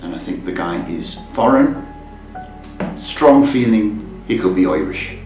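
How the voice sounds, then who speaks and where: A man's voice: deep voice, lively intonation, a little slow, a little mellow. A man hosting a live psychic tarot call-in show, teasing and cheeky with his callers. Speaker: psychic tarot reader, host. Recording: roomy echo, far from mic, music behind.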